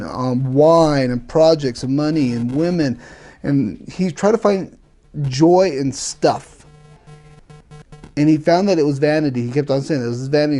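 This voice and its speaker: A man's voice: fairly high pitch, mellow. A man giving an informal Bible lesson to a class, conversational and repetitive, with frequent fillers and emphatic restatements. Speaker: Bible teacher.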